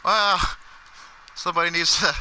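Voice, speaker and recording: Brief: high, sharp-toned male gamer, excitable and swearing, casual chat. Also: normal speed, a little hiss or hum, low-quality recording.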